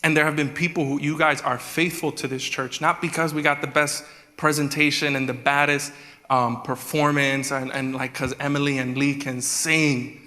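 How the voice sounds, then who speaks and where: A man preaching a sermon as executive pastor, animated, acting out prayers in a raised voice. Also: a little high, moderate pace. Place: church hall. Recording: live church hall with reverb and music.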